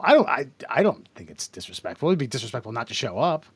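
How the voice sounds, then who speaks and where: A man's voice: mid-range voice, sing-song, quick pace, slightly rough, no echo. A man co-hosting a podcast, telling rambling, self-mocking stories in casual chat. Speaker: podcast co-host.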